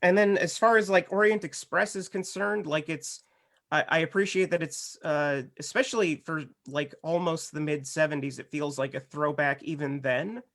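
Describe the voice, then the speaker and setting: Higher-voiced man musing about movies. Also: fairly even intonation, moderate pace, fairly bright tone. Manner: thoughtful and rambling, many restarts and "like" and "uh". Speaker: juror on a film debate podcast. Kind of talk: casual podcast discussion.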